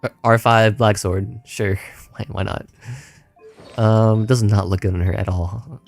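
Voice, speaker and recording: A man's voice: on the low side, steady tone, a little slow, vocal fry, faint music behind. A man streaming a video game who rambles, repeats himself and laughs a lot, sounding tired as his voice wears out. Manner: rambling, stammering, laughing often. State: tired, voice going. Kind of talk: casual gaming livestream chat.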